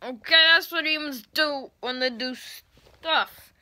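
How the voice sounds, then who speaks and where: A young woman vlogs casually into her handheld phone, chatty and playful. Her voice sits high and bright, and she talks at an easy, unhurried pace. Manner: chatty and playful, tired at times. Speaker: vlogger. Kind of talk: casual vlog chat to camera.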